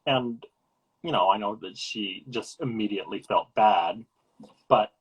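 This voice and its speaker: A man co-hosting a live chat, offering thoughtful, measured opinions about a film. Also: lowish voice, slightly rough, dull audio. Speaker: podcast co-host.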